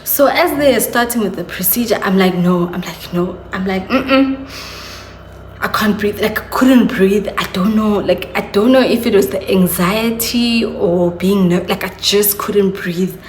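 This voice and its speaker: A woman's voice: mid-range voice, moderate pace, hardly any pauses, darkish tone, slight background noise. A young woman, telling a story to her viewers in a chatty, confiding way. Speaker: vlogger. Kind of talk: casual storytelling to camera. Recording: echoey room.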